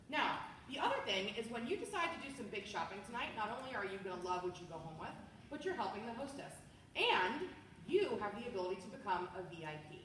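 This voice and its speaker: A bubbly, playful woman giving a lively product demonstration to a group as a party sales consultant. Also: mid-range voice, fast talker, a little hiss or hum. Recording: echoey room, far from mic.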